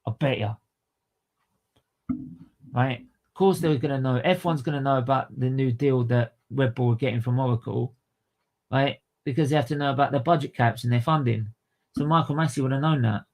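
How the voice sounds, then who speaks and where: A man's voice: medium pitch, a little mellow. A man hosting a livestream, ranting about motorsport with repeated phrases, slang and swearing. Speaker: livestream host. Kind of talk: heated fan commentary on a livestream.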